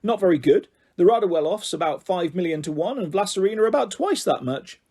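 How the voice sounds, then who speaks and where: A man's voice: high voice, animated, brisk, mellow, breathy edge, full character voice. A man voicing a polite, slightly unsure young boy in a storybook reading.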